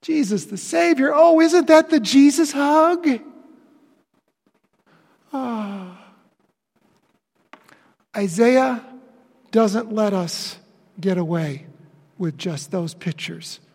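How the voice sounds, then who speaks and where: A man preaching a sermon as pastor in a church sanctuary, emphatic, with dramatic pauses and swings from loud declarations to hushed phrases. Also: high-pitched, creaky. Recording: long reverb of a church hall.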